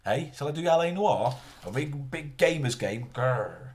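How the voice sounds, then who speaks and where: Man, streamer, casual chat, rambling, self-interrupting, lively intonation. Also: mid-range voice, unhurried.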